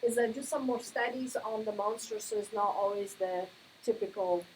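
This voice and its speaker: A woman's voice: mid-range voice, normal speed, a little mellow, a little hiss or hum, poor audio. A woman teaching an art class, giving feedback on a student project and often checking if her points make sense. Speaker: art instructor. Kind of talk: classroom critique.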